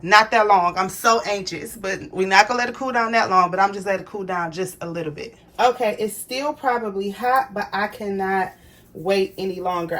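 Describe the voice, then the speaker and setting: A woman hosting a crafting vlog, chatting to her viewers as she demonstrates a product, excitable and gushing. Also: mid-range voice. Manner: chatty, addresses viewers as y'all. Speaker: crafting channel host. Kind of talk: casual product demo vlog.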